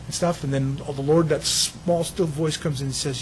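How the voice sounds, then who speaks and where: A man preaches with a slightly raised pitch, acting out the story. He swings from near-whispers to loud, emphatic bursts. Faint room ambience sits behind him. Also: moderate pace, a little hiss or hum, poor audio. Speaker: pastor. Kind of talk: sermon.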